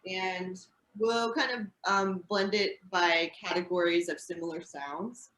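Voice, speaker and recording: A woman's voice: fairly low pitch, steady tone, takes it slowly, a bit bright. A woman from Indiana with an American accent, explaining English pronunciation in a casual teaching chat.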